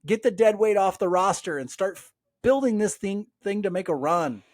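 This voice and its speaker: A man co-hosting a sports podcast, talking in an animated, exasperated way with plenty of fillers. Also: sits high, normal speed. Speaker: podcast co-host. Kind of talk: casual sports chat.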